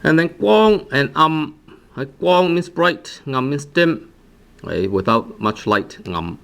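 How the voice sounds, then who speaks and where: A man's voice: on the high side, lively intonation, slow, gravelly, a bit bright, smooth. Patient Cantonese-accented man drilling words. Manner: patient, repeats words many times, frequent "right?" check-ins. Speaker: language teacher. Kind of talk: vocabulary lesson with slow repetition drills.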